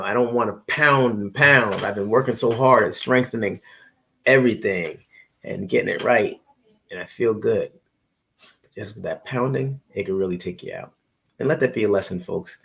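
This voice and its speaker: This is a middle-aged man with a gravelly, fry-edged voice at an ordinary pitch, hosting a live stream. He rambles in easy, casual chat, circles back to repeat himself, and calls out viewers by name as they arrive. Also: fairly bright tone. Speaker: livestream host.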